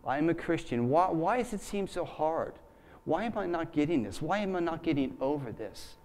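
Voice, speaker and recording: A man's voice: fairly high pitch, expressive, moderate pace, a little mellow, slight background noise. A man preaching a sermon in church, in a conversational, folksy way with many fillers and asides. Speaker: pastor.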